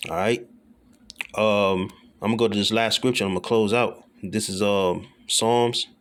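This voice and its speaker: A man preaching in a casual teaching style, reading scripture slowly and tagging his lines with "man" and "all right", often repeating himself and clearing his throat. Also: on the low side, a bit bright.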